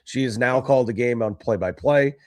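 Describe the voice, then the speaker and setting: Measured male lacrosse broadcaster guest. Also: mid-range voice, no echo. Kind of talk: casual sports talk.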